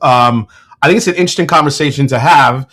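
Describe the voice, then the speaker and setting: A man hosting a casual livestream, talking in a relaxed, rambling way and reading viewer comments aloud, with plenty of fillers and restarts. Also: medium pitch, quick pace. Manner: frequent fillers and self-corrections. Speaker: whiskey reviewer and channel host.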